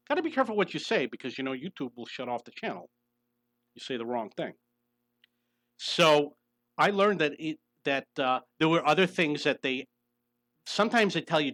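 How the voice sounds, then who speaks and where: An earnest middle-aged man speaks in a personal monologue, pressing each point and circling back to repeat it. His voice sits at an ordinary middle pitch. The recording is dry and close, with little room sound. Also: sharp tone, dry recording. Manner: earnest, insistent, repeats himself for emphasis. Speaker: channel host telling his own story.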